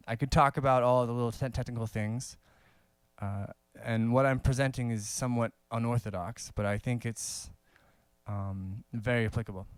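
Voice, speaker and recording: A man teaches in a loose, conversational way, filling pauses with "um" and light laughs. His voice is smooth and clear, sitting at an ordinary pitch. The sound is close and dry, with no room around it. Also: no room sound. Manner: relaxed, conversational, many fillers and little laughs. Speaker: saxophone teacher. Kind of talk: casual video lesson.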